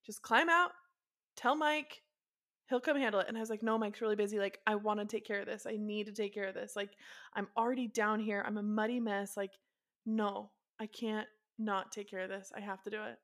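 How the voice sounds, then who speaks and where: A woman in her thirties, co-hosting a podcast in casual chat and telling a story with lively acted-out quotes. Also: fairly quick. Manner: animated storyteller, acting out quotes with big pitch jumps. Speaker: podcast co-host.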